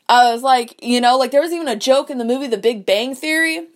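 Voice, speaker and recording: High-voiced woman ranting, swearing freely. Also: quick pace, hardly any pauses. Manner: profane, rambling, many fillers. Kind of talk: casual rant.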